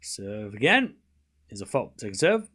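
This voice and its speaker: A man's voice: lowish voice, very animated, a little slow, pushed and bright, slightly rough. A man streaming live tennis commentary, mixing play-by-play with sarcastic, rambling banter and chuckles. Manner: sarcastic, rambling, laughs at his own jokes. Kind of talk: casual live watchalong commentary.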